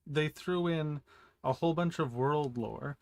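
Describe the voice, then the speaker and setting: A co-host in a casual book chat who keeps stammering and restarting, with dry, wry jokes. The voice is mid-pitched and recorded with a very dry, close sound. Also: unhurried, darkish tone, no echo. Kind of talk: casual chat about books.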